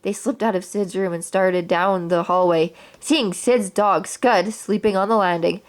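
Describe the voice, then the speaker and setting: A woman reading a children's storybook aloud with clear, steady narration. Her voice sits at an ordinary middle pitch for a woman. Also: a little slow.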